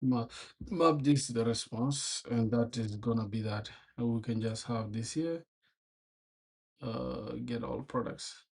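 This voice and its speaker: A man's voice: medium pitch, a little slow, creaky, a little mellow, husky. Laid-back young man coding on stream. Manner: laid-back slangy talk, often laughing, mumbles code aloud. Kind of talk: casual live-stream chat while coding.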